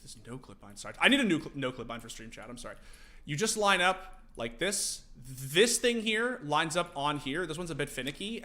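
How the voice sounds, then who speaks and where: A young man casually streaming, teaching game tactics to his chat, animated and profane. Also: fairly high pitch. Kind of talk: casual livestream commentary.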